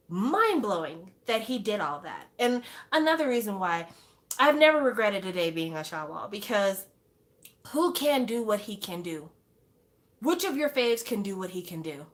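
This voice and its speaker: A young woman talking casually to camera as a fan, animated and exclaiming, full of rhetorical questions. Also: medium pitch. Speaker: fan vlogger.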